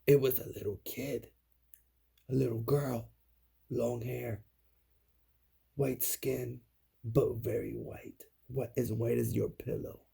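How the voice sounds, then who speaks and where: A man telling a child a scary bedtime story, hushed and dropping to whispers for suspense. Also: mid-range voice, steady tone, takes it slowly, creaky, long pauses, husky.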